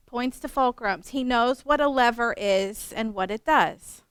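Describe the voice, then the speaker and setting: A middle-aged woman from West Virginia, a teacher trainer telling a story at a workshop, animated with self-mocking humor. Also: fairly high pitch, unhurried, clear, resonant tone, no echo.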